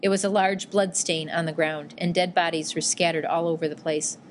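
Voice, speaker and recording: This audiobook narrator is a woman whose low voice stays measured, steady and even throughout. Faint background hiss can be heard.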